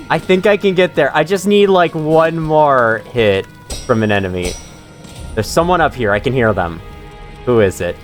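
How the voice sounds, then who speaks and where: A man's voice: medium pitch, big pitch swings, measured pace, faint music behind. A man hosting casual let's-play commentary, swearing often and joking through his frustration. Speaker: gaming channel host.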